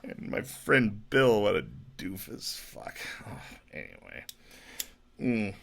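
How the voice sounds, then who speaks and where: A man rambling through drunken comedy riffs, giggling often and swinging between low mutters and loud outbursts. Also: very animated, slow pace, gravelly. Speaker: comedy vlogger.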